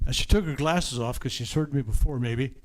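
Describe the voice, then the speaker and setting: An older reverend leading a healing service, rambling through anecdotes with stumbling restarts and dropping to a hushed murmur for healing prompts. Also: male voice, medium pitch, brisk, rough recording. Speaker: faith healer reverend.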